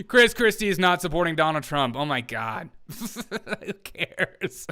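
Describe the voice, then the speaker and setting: A man's voice: on the high side, big pitch swings, slow, sharp tone. A man hosting a comedy news show, sarcastic and laughing often as he riffs. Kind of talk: casual comedic commentary.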